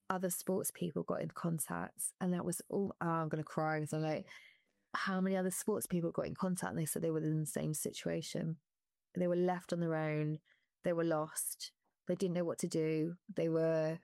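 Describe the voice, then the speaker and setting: In a lowish, gravelly, slightly mellow voice, a woman who used to be an athlete talks frankly in an interview. Between bouts of laughter, emotion catches in her throat and she comes near to tears. There is no room sound.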